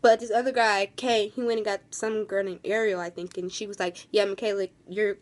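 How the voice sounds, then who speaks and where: A woman's voice: medium pitch, fairly even intonation, a little fast. A young woman vlogging in a casual, rambling storytime, gushing and full of fillers.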